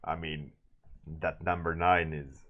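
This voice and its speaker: A man's voice: a bass voice, little pitch movement, takes it slowly, muffled recording, a little hiss or hum. A man casually chatting with his livestream viewers while drawing, greeting them by name and trailing off mid-sentence. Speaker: streaming artist.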